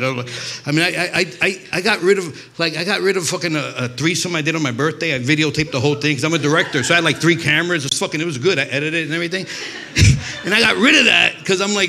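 A man's voice: a little high, quick pace, pushed and bright. A man from New York doing stand-up, telling rambling, profane stories full of restarts. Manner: profane, rambling, self-interrupting. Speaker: stand-up comedian. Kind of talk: stand-up storytelling.

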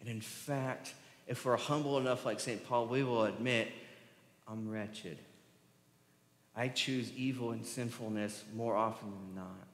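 A man preaching in a church sanctuary, his voice ringing out with a long, roomy reverb. He is impassioned, swelling to emphatic peaks as he quotes scripture. The pitch sits in an ordinary middle range for a man. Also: steady tone, unhurried. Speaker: pastor. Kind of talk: sermon.

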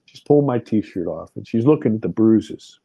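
A man's voice: on the low side, animated, normal speed, gravelly, mellow, slightly rough, dry recording, dull audio. A man in his fifties, a podcast guest, vividly retelling a personal experience with many restarts. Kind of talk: personal storytelling in an interview.

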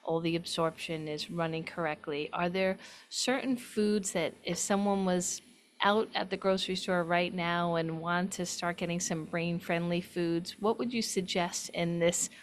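A woman's voice: lowish voice, fairly even intonation, unhurried, slight background noise. A woman with a New York accent, from New York, hosting a nutrition show and chatting with her guest in an enthusiastic, playful way. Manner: enthusiastic, praising, playful teasing. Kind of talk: casual health chat.

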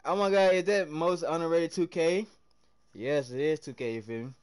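A young man from the American South streaming a game live, chatting with his viewers in hyped, slangy bursts that swing between loud and soft. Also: fairly high pitch, normal speed, clear, resonant tone.

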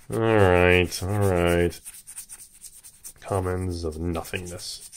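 A man's voice: low-pitched, steady tone, very slow. Hyped man opening cards on camera. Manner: hyped, jittery, shouts at big pulls. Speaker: card-opening video host. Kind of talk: excited casual commentary.

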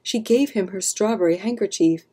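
A woman's voice: medium pitch, normal speed, breathy edge, close to an everyday voice. A woman doing a hot-tempered jealous general. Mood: angry. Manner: shouting, raised voice.

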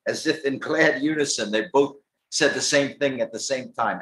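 A man preaching a gospel sermon in a tent meeting, reading scripture aloud with emphatic, lively delivery. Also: mid-range voice, moderate pace, rough recording.

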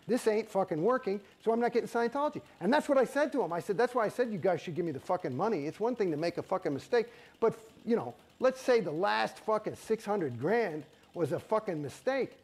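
A man's voice: sits high, expressive, brisk, hardly any pauses, a little mellow, husky. A middle-aged man, a guest in an interview, telling a story in an emphatic, rambling and heavily profane way. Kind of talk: candid storytelling.

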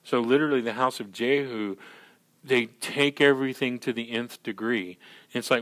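A male pastor preaching at a mid pitch, chatty and animated and full of asides. He slips into little acted-out scenes and keeps checking in with the congregation. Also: moderate pace. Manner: animated, acts out scenes in character voices; conversational, peppered with "you know" and "right". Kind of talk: sermon.

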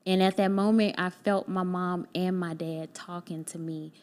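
A woman's voice: on the low side, steady tone, normal speed, darkish tone. A woman guest on a podcast telling a heartfelt personal story in casual conversation. She acts out what other people said to her.

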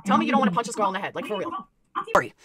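A woman's voice: mid-range voice, sing-song, rapid-fire, slightly rough, no echo, studio quality. A woman in her thirties or forties ranting angrily on her livestream, swearing constantly. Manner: profane, heated, constant swearing. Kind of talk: angry livestream rant.

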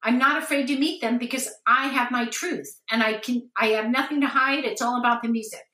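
A woman being interviewed, telling a lively story and acting out the voices of people she quotes. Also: a little high, fairly quick. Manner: animated, acts out quoted voices. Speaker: guest. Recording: roomy and distant from the mic.

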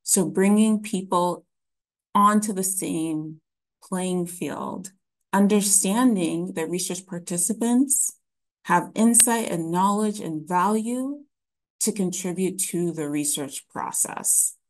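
Lower-voiced woman giving an academic lecture. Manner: measured explanatory delivery with frequent ums and restarts. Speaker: webinar presenter.

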